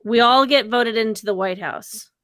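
Higher-voiced woman, dry close sound. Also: moderate pace, fairly bright tone, no echo. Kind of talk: casual comedic banter.

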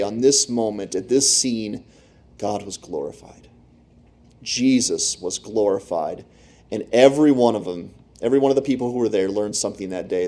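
A man preaching a sermon on Easter Sunday, telling a gospel story with lively asides to the congregation and swings from loud to hushed. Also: medium pitch. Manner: animated storytelling, rising and dropping to near whispers; talks to the congregation directly with asides. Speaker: pastor.

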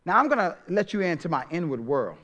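Middle-aged male pastor, sermon delivery, slightly high-pitched, dynamic from hush to loud. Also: very animated, quick pace. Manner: dynamic preaching, swings from hushed to loud.

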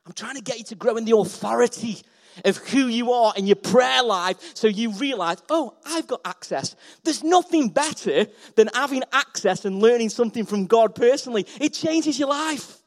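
A man delivers a sermon to a church hall, with a fairly high pitch for a man. He talks with passion and repeats his phrases for emphasis. His voice swells loud and then drops soft. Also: moderate pace. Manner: passionate, rising and falling in volume, repeats phrases. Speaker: pastor.

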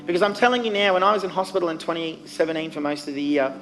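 A man's voice: a little high, racing, a bit bright, low-quality recording. Earnest man preaching over guitar. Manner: earnest, emphatic preaching with fillers. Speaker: church youth pastor. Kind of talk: sermon. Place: church stage.

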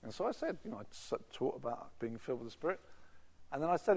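A man preaching a sermon, telling stories and acting out quotes, building to loud emphatic peaks. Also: mid-range voice, quick pace, gravelly, breathy edge. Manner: animated storytelling, voice rising to loud emphatic peaks. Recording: reverberant hall, voice at times off-mic.

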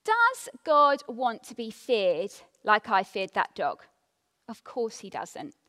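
A woman delivers a devotional talk, reading scripture and then telling a story from her own life with lively emphasis. Her voice sits high and bright and swoops widely in pitch. It carries a long hall reverb. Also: slow pace. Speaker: devotional speaker.

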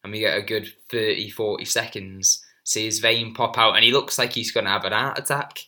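A man co-hosting a podcast, chatting in an animated way with laughs and swearing. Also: lowish voice, fairly quick. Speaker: podcast co-host. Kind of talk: casual chat.

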